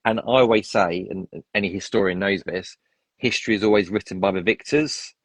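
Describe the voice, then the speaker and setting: A man's voice: fairly low pitch, a little fast, no echo, poor audio. A man chatting as a podcast guest, opinionated and rambling with frequent restarts. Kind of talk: casual chat.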